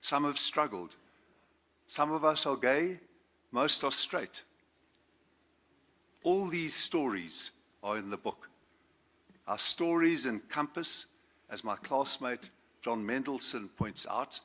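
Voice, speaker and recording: A South African man in his seventies, a former judge, giving a formal speech to a school assembly. He speaks in a measured, formal way and lifts his voice on key words. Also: mid-range voice, pushed and bright. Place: school assembly, speaker standing before students.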